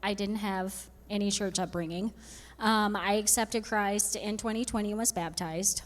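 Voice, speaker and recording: A woman's voice: medium pitch, fairly even intonation, moderate pace. A woman on a church panel, giving a short plain account of her faith. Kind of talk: short personal testimony. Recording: church hall reverb.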